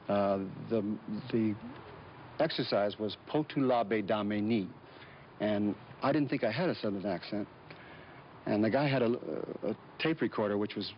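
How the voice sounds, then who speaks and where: A man with a fairly low voice tells stories as a guest, pausing often and restarting his sentences. He is from Georgia. The recording is dull and lo-fi, with a faint hiss of noise underneath. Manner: halting, with many fillers and restarts. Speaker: guest actor. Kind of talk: casual interview storytelling.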